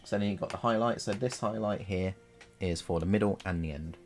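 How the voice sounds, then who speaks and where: Man, very low voice, chatty and playful, faint music behind. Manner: chatty and playful, quick to laugh. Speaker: livestreamer painting miniatures. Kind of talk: casual live-stream chat.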